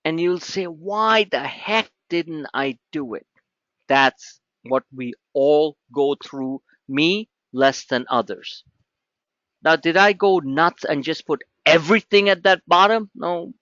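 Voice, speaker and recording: Emphatic high-voiced man hosting a trading webinar. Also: bright, forceful tone, dry recording, dull audio. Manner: emphatic, repetitive, talks straight to viewers. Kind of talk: live webinar chart walkthrough.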